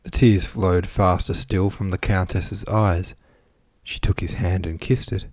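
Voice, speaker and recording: A man with a deep, low voice narrates a classic novel in a measured, even manner. The recording is dry and close, with no room sound. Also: no room sound. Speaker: audiobook narrator.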